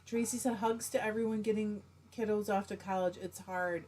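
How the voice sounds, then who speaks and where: A woman's voice: mid-range voice, fairly even intonation, normal speed, darkish tone. A middle-aged woman hosting a casual live stream, chatting and greeting viewers by name as she reads their comments.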